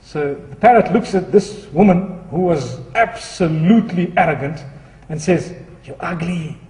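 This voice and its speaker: A male Muslim preacher telling a humorous story within a sermon, in a lively, chatty storytelling way. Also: sits high, measured pace, slight background noise. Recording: echoey hall, distant mic.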